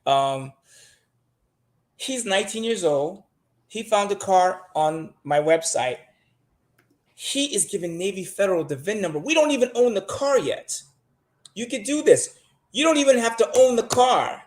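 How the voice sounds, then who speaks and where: A man's voice: high-pitched, expressive, measured pace, long pauses, darkish tone, echoey room. A man giving casual credit advice as a guest, talking bluntly, emphatically and with plenty of cursing.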